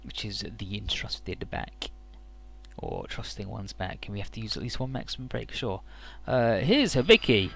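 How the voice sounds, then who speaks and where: A man's voice: on the low side, big pitch swings, moderate pace, gravelly, fairly bright tone, a little hiss or hum. A man hosting a let's play, giving casual, rambling game commentary with jokes and offhand swearing.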